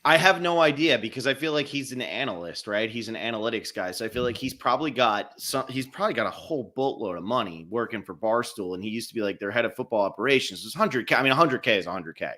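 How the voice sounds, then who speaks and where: A man's voice: mid-range voice, lively intonation, fast, few pauses, sharp tone. A man co-hosting a podcast, chatting casually and rambling through a recap of a reality show, laughing now and then. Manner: rambling, amused, laughs often. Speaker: podcast co-host.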